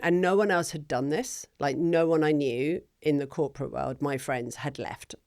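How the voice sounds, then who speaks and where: A woman's voice: deep voice, normal speed, darkish tone, dry recording. Chatty middle-aged woman, dry sound. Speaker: guest, business founder. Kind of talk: casual interview storytelling.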